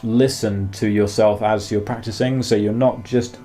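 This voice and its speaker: A man giving a guitar masterclass, calmly explaining practice exercises and counting beats aloud between demonstrations. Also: lowish voice, normal speed. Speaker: guitar teacher. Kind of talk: masterclass instruction. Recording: faint guitar music behind. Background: guitar playing.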